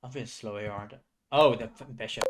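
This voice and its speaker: A man's voice: on the low side, steady tone, fast. Muttering young man streaming. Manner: banters with chat, swears, mutters under his breath. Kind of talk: casual stream commentary with voice-over.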